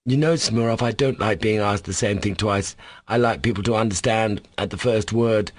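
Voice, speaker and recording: A man voicing a cocky, quick-witted schoolboy who talks in a lofty, teasing way in an audiobook reading. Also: lowish voice, no echo, lightly acted. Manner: lofty, teasing, clipped and sure of himself.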